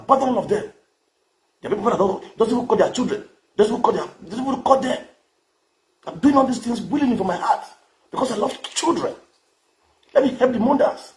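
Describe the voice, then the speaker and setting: A man's voice: extremely high pitch, expressive, brisk, pauses often. A man with a Nigerian accent ranting to camera in a boastful, crude, mocking way, repeating his phrases. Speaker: vlogger.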